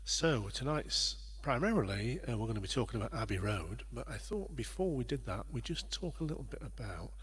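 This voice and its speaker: A man's voice: mid-range voice, big pitch swings, brisk, hardly any pauses, fairly bright tone, breathy edge. A man hosting a livestream, chatting casually and rambling a little as he greets viewers by name. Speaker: livestream host and performer.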